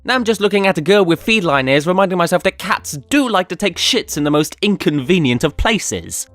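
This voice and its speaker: A British man rants his way through a comedic review, sarcastic and profane. His voice sits a bit high and swings widely in pitch. He is recorded close and dry, with faint music underneath. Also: fairly bright tone, no room sound. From Britain.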